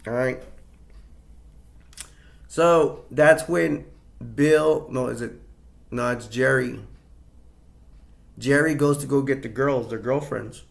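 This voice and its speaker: A man's voice: mid-range voice, slow pace, gravelly, pauses often. A man casually retelling a movie scene, rambling with many restarts and fillers. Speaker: movie reviewer.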